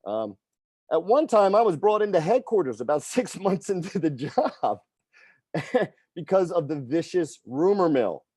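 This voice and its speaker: A man's voice: a little high, sing-song, unhurried, darkish tone, slightly rough, no echo. A middle-aged man, a fitness coach, telling a personal story in a conversational way and often tagging sentences with "right?" and "okay?". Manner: conversational, frequent tag questions.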